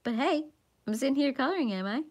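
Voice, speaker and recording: A woman with a fairly high, very lively voice chatting casually with her viewers during a coloring livestream. She is playful and pokes fun at herself, and she slips into a quiet whisper while she focuses on her work. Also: fast talker. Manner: playful and self-mocking, drops to a whisper while concentrating. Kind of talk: casual chat with live viewers.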